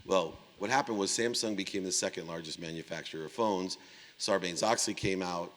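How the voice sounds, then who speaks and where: Low-voiced man telling a personal story. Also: a little fast, fairly bright tone. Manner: emotional, confessional storytelling with quoted dialogue. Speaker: keynote speaker. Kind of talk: storytelling keynote speech. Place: large conference hall. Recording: long hall reverb.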